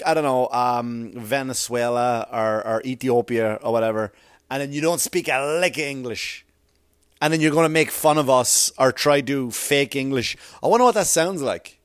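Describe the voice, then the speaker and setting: A man's voice: medium pitch, no room sound, clean studio sound. A man doing a rambling, profane stand-up comedy routine full of conversational asides.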